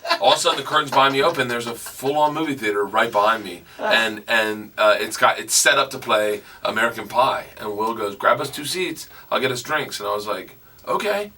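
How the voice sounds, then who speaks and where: A man's voice: fairly low pitch, fairly quick, recorded from a distance, background noise. A man, a comedian guest on a radio talk show, telling a story with lots of laughter and put-on voices. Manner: rowdy, laughs between lines, mimics voices. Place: radio studio.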